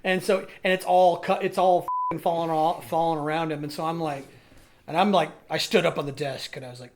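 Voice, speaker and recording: A man co-hosting a podcast, chatting casually and lively, laughing and acting out his own past lines. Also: on the high side, fairly quick. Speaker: podcast co-host. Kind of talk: casual reminiscing chat.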